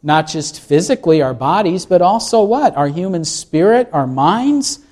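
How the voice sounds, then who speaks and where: A man's voice: high-pitched, very animated, moderate pace, darkish tone. A man preaching a sermon, reading scripture and asking the congregation questions as he explains it. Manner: asks the congregation questions, reads scripture aloud. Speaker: pastor.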